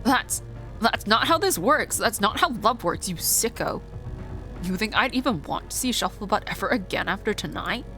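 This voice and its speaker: A woman's voice: medium pitch, expressive, normal speed, pushed and bright, soft background music, pitched above the performer's own voice. A woman voicing an exasperated young heroine who reacts with indignant disbelief. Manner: indignant, incredulous.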